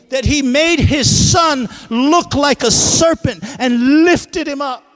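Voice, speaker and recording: A male pastor preaching a sermon, swinging between shouted climaxes and hushed asides. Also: very high voice, expressive, takes it slowly, few pauses. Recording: long hall reverb.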